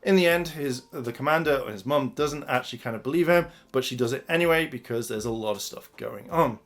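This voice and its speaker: A man's voice: mid-range voice, fairly quick. A man giving a casual, rambling episode review, full of fillers and restarts.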